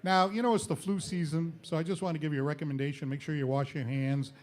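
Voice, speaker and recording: A man's voice: on the high side, fairly even intonation, quick pace, a little mellow. A man hosting a live variety show, delivering a comedy monologue and laughing at his own jokes. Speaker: host. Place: studio stage with audience.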